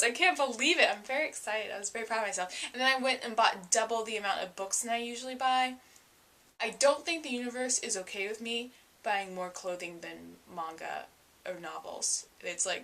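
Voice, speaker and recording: A woman's voice: fairly high pitch, brisk, bright, forceful tone. A young woman talking casually to camera in a vlog, chatty and self-mocking, with sudden dramatic bursts. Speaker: vlogger.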